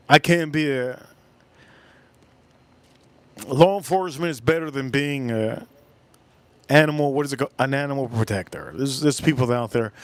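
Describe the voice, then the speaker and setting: Chatting straight to his live-stream audience, this South Florida man, an adult beyond his younger years, rambles and repeats himself. He has a mid-range voice, and the recording is dry.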